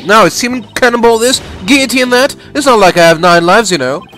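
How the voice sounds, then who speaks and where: A man voicing an energetic young woman lawyer who complains in quick, exasperated bursts. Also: high voice, soft background music, pitched above the performer's own voice. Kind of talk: fan voice-over of a video game.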